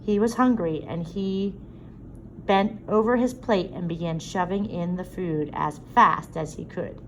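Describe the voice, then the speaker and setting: A woman narrating a story aloud in a steady reading voice. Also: fairly low pitch, unhurried, a little hiss or hum, poor audio. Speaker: audiobook reader.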